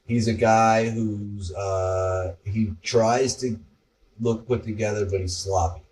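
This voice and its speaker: Low-voiced rambling male podcast host. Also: fairly even intonation, slow, a little mellow, distant mic. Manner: rambling, storytelling, profane. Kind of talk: casual chat.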